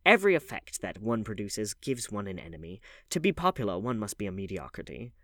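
Guy doing a jaded epigram-spouting gentleman, languid drawl, dry close mic. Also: on the low side, big pitch swings, a little fast, no room sound. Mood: expansive. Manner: languid, paradoxical wit. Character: cynical, epigram-loving aristocratic gentleman.

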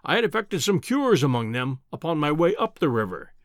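A man voicing a pompous, booming older professor who lectures in a condescending, imperious way in an audiobook reading. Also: big pitch swings, fairly quick, dry recording, studio quality. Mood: lecturing.

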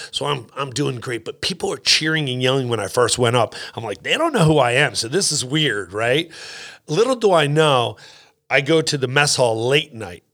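A middle-aged man, a comedian, chatting casually on a podcast and telling war-zone show stories, acting out other people's voices. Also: medium pitch. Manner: animated storyteller, acts out quoted voices. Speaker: comedian guest.

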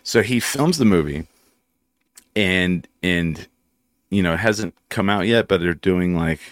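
A man's voice: deep voice, a little slow, no echo, clean studio sound. A man hosting a casual talk show, telling stories and acting out quotes. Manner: animated storyteller, acts out quotes. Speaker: radio show host. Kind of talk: casual chat.

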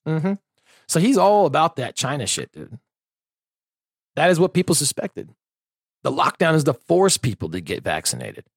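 A man's voice: on the high side, wildly swooping pitch, moderate pace, long pauses, breathy edge, dry recording, studio quality. Guy ranting on his podcast, swears nonstop, sarcastic, voice jumps all over. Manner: swears constantly, heated and sarcastic. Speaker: podcast host. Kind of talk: profane ranting commentary.

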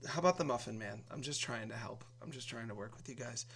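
A man's voice: medium pitch, quick pace, creaky, fairly bright tone. A man telling a rambling comic story in a talk show, interrupting himself and sounding incredulous. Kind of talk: comedic storytelling chat.

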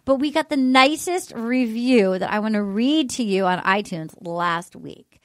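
A woman's voice: a little high, expressive, measured pace, dry recording, clean studio sound. A woman hosting a podcast, chatty and gushing as she reads listener mail. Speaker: podcast host. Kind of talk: casual chat.

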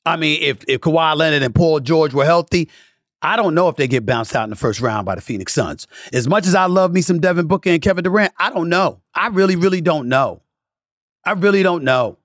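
A man hosting a sports talk podcast, delivering an emphatic commentary monologue that climbs into passionate lists and drops into low, muttered asides. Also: expressive, a little fast, a bit bright, no echo, studio quality. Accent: New York. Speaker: podcast host.

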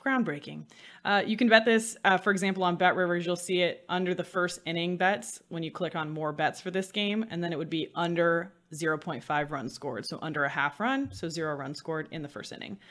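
A woman's voice: lowish voice, a little fast, few pauses, fairly bright tone. A woman hosting a sports betting podcast alone, chatty and self-mocking with dry sarcasm. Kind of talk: solo podcast talk.

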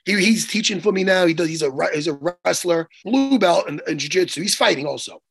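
A middle-aged man, co-hosting an excited, rambling casual chat full of jokes. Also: high-pitched, fairly quick, creaky, slightly rough. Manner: animated, rambling, jokey. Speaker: co-host, jiu-jitsu coach.

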